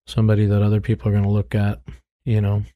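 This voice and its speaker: A man's voice: fairly low pitch, completely flat delivery, fast talker, no room sound, phone-quality sound. A middle-aged man telling his story in an earnest, frank way, often repeating words as he searches for them. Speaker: guest, former drug dealer turned ministry worker. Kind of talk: candid testimony in conversation.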